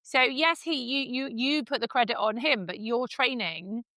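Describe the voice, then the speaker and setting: A woman's voice: a little high, moderate pace, sharp tone, dry recording. Blunt, sweary woman host. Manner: blunt, sweary, emphatic praise. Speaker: podcast host. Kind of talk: casual interview chat.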